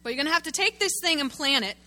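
An animated woman pastor delivering a sermon, her voice high and very bright. She keeps calling out to the congregation and drawing them in with questions. Her delivery is lively and direct. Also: very fast. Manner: animated, talks with the congregation, uses a prop.

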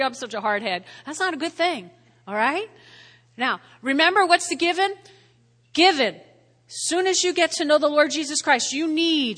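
Woman pastor, high-pitched and bright, conversational sermon with frequent "all right?" check-ins, long reverb. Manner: repeats key phrases for emphasis. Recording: long reverb of a large hall.

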